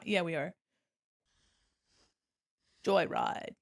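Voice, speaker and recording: A woman's voice: mid-range voice, expressive, measured pace, creaky. A woman streamer chatting casually to her viewers while she draws, talking herself through each step with silly jokes and bursts of laughter. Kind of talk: casual chat while drawing on a livestream.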